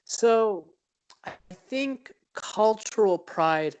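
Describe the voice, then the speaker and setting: A young man from Palestine co-hosts a podcast, telling stories in an upbeat, rambling casual chat with many fillers. His voice is high, expressive and smooth, and he draws out his words.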